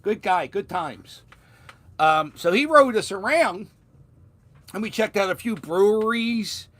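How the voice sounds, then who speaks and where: Man, Philadelphia accent, casual vlog storytelling, a bit high-pitched, rambling, restarts a lot. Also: expressive, slow pace, fairly bright tone. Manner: rambling, many restarts and fillers, swears casually. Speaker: vlogger.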